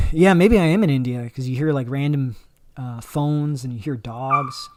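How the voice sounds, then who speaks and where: A man's voice: medium pitch, a little slow, darkish tone, a little hiss or hum. Rambling male livestream host. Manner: rambling, many fillers and restarts, answering chat questions. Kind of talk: casual livestream chat reading superchats. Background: dog barking faintly.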